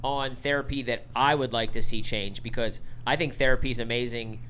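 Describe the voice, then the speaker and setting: A male podcast guest speaks at an ordinary pitch in an earnest, thoughtful way, restarting phrases as he works out his point. A faint hiss sits under the voice. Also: fairly even intonation, brisk, fairly bright tone. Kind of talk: casual chat.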